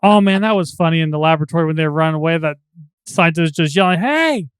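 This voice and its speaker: A man's voice: a little high, steady tone, very fast, smooth, no echo, clean studio sound. A man co-hosting a casual movie-review podcast, joking and laughing as he talks. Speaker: podcast co-host.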